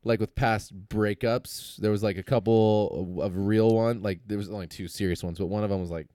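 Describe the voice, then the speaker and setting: A man co-hosting a podcast in casual chat, joking around and reacting fast. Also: fairly low pitch, steady tone, warm tone, no echo, clean studio sound. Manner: joking, quick reactions, swears. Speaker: podcast co-host.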